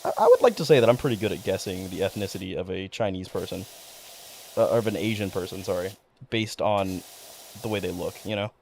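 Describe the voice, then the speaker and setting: Young male streamer, casual rambling chat, swears a lot, pitch jumps all over, faint hiss behind. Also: brisk, gravelly. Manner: rambling, profane, excitable.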